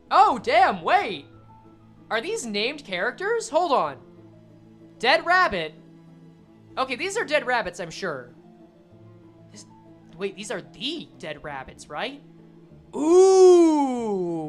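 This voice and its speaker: A woman gaming streamer with a lively, jumping voice, reading scenes aloud between casual, foul-mouthed jokes. Soft background music runs under her talk. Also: a little high. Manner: casual, swearing, quick jokes. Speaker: game streamer. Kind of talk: let's play commentary and reading game text.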